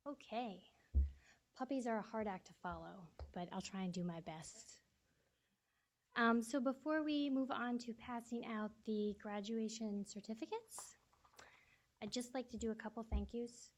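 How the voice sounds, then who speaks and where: A woman's voice: fairly high pitch, a little slow. Woman giving heartfelt ceremony thanks. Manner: warm, emotional thank-yous, slightly teary. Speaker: guide dog class supervisor. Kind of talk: ceremony speech. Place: event room.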